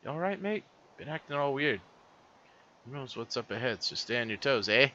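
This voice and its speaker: A man's voice: mid-range voice, sing-song, normal speed, pushed and bright, highs cut off, slight background noise, voice pushed up. A man voicing a brash, cocky young female thief with a British accent. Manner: brash, exclaiming. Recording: game music underneath.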